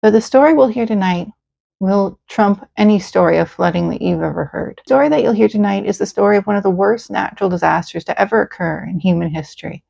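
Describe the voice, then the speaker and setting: A woman's voice: medium pitch, quick pace, vocal fry, darkish tone. A woman narrating a history legend with earnest, dramatic storytelling. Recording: slightly dull, faint music.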